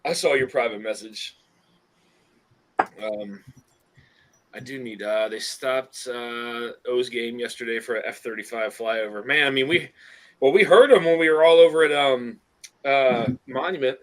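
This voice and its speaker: A man's voice: mid-range voice, unhurried. A man hosting a casual livestream chat, easygoing and rambling, laughing often. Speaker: host.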